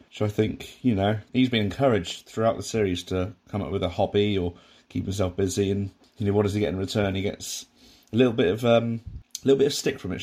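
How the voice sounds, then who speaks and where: A man's voice: lowish voice, a little mellow. A man giving a casual, rambling commentary on a sitcom episode, with frequent restarts and asides. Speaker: podcast host reviewing a sitcom.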